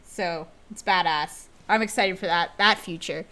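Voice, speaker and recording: A woman hosting a casual chat stream, animated and laughing often. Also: lowish voice, a little slow. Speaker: host.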